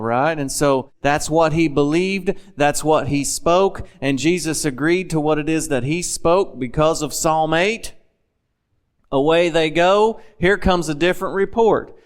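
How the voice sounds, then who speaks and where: A man's voice: on the high side, unhurried. A man preaching a sermon in a folksy, conversational way, often asking his listeners questions.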